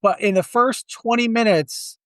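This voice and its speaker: A man's voice: very high voice, measured pace, smooth, no room sound. A man co-hosting a casual movie review podcast, telling stories with lots of restarts and acting out quotes. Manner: animated storyteller, acts out quotes. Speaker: podcast co-host.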